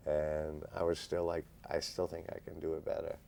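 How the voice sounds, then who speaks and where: A male actor answering interview questions in a measured, thoughtful way, pausing often. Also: very deep voice, monotone, gravelly, darkish tone, a little hiss or hum. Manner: measured, thoughtful, frequent "uh" pauses.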